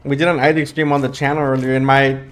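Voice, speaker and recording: A young man talks over his gameplay in a relaxed, rambling way, full of fillers and restarts. His throat is dry and his voice is sleepy from the late hour. Soft music plays faintly behind him. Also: mid-range voice, quick pace. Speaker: gaming YouTuber. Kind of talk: casual gameplay commentary.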